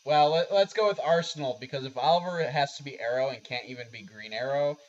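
Male podcast guest, earnest and casual, middle pitch, muffled recording. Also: brisk. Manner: earnest, personal. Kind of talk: casual chat. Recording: dull lo-fi sound with faint hiss.

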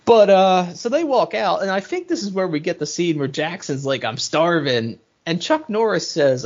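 A man co-hosting a podcast, casually recapping a movie and acting out its lines in an animated way. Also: sits high, normal speed, few pauses. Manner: animated, retells scenes with quoted lines and laughs. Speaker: podcast co-host. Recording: muffled lo-fi audio.

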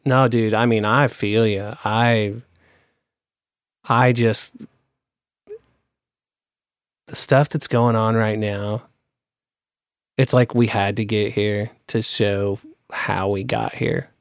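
A man co-hosting a podcast in casual chat, sad and weary, speaking haltingly with sighs. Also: on the low side, flat delivery, no room sound, studio quality. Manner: halting, sighing. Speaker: podcast co-host.

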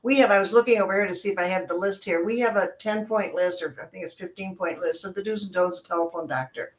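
A woman's voice: fairly low pitch, fast. Older female guest, talkative trainer, anecdotal, acts out voices. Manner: chatty, acts out quoted voices. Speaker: guest, customer service trainer. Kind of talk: casual chat, storytelling.

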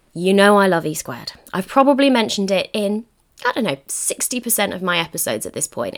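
A young woman coach hosts her own podcast and talks straight to the listener, pressing her points with repeated questions. Her voice swoops up and down a great deal, which keeps it animated, and her pitch sits at an ordinary middle height. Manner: emphatic, encouraging, asks the listener questions. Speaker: podcast host and manifesting coach. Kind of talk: solo podcast monologue.

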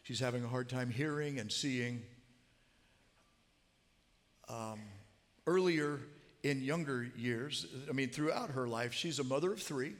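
A man's voice: medium pitch, unhurried, pauses often. A man telling a story in a sermon, earnest and growing emphatic as he quotes. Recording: long hall reverb.

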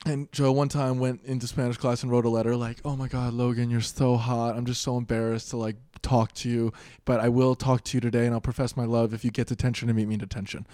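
A man's voice: medium pitch, quick pace, no room sound. A young man in casual chat, telling stories with lots of laughter and acting out voices. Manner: animated storyteller who acts out voices with loud laughs.

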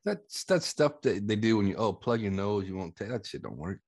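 Man, podcast co-host, argumentative, profane, low pitch, lively delivery. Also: fairly quick. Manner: argumentative, swears casually. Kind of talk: casual podcast chat.

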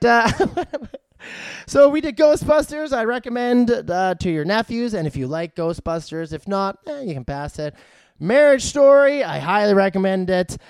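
A man's voice: high-pitched, smooth, no echo, studio quality. A man from Canada gives a casual, rambling movie review. He uses lots of fillers and swears in passing. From Vancouver, Canada.

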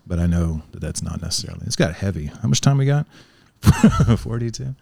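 A man's voice: sits low, big pitch swings, brisk, creaky, darkish tone, slightly rough, dry recording. A man in casual chat, rambling and profane, laughing often and telling stories about life in China. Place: lives in China.

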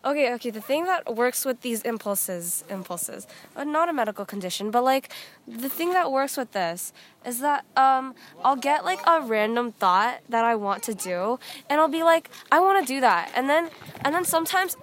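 A teenage girl co-hosting a podcast in a park, casually telling stories and acting out her own thoughts in quick bursts. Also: a little high, expressive. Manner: quick, self-narrating storyteller. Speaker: podcast co-host. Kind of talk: casual chat with friends. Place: outdoor public park.

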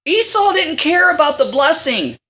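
A woman teaches a Bible lesson in a casual, talky manner. Her pitch swings up and down freely. Her tone is bright and forceful. She reads out scripture and acts out the lines. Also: very animated, moderate pace.

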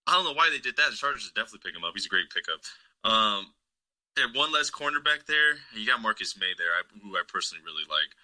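Low-ish guy, sharp tense voice, cussing and rambling all over on a sports podcast. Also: fast talker, rough recording. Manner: profane, excitable and rambling. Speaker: podcast co-host. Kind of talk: casual sports chat.

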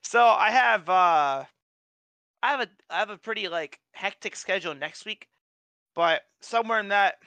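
A young man co-hosting a casual podcast, telling stories in an animated, profane way with frequent restarts. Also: high voice, moderate pace, no echo. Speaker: podcast co-host. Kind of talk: casual chat.

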